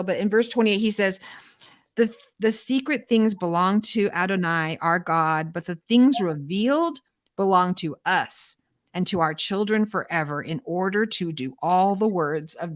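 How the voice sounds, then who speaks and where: A woman's voice: mid-range voice, normal speed. A middle-aged woman hosting a casual faith discussion, chatty and self-deprecating, acting out little prayers and inner dialogue as she talks. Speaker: host of a Torah study show.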